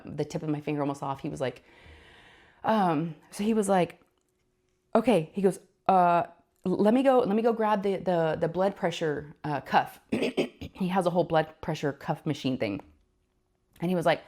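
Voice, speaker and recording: A woman, telling a story in a casual, animated way and laughing often. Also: lowish voice. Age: 50s. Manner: animated, chatty, laughs often, addresses viewers as y'all. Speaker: crafting channel host.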